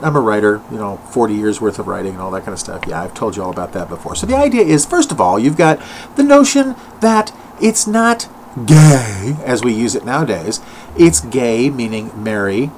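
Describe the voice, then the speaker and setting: A man's voice: medium pitch, low-quality recording. An older man talks through an improvised comic bit at home, wandering off on tangents and poking fun at himself. His voice swoops up and down with great animation. A faint background hiss sits under the recording. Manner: rambling, tangent-prone, self-mocking, with sudden sung and mock-voiced asides. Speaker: solo comedic vlogger.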